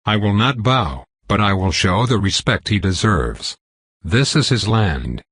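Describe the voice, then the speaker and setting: Male narrator, scripted narration, measured, low voice, husky, dry close sound. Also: lively intonation, fairly bright tone, dry recording. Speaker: audiobook narrator.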